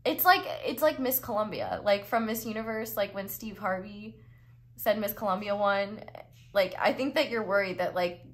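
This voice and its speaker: A woman's voice: medium pitch, normal speed. A young woman giving a casual psychic tarot reading, chatty and filled with "like" and "um," often restarting her sentences. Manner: chatty, heavy use of "like" and "um", frequent restarts. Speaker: tarot reader.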